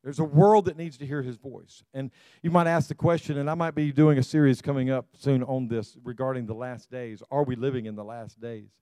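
A man's voice: mid-range voice, steady tone, a little fast, dark tone, clear, resonant tone, no room sound. An older man preaching a sermon as a pastor, exhorting the congregation, repeating calls to them and often stumbling and restarting his phrases.

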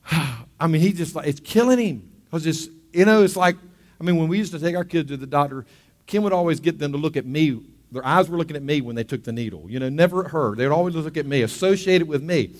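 A middle-aged man preaching a sermon. He moves from hushed storytelling to loud, fervent preaching. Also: mid-range voice. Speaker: pastor.

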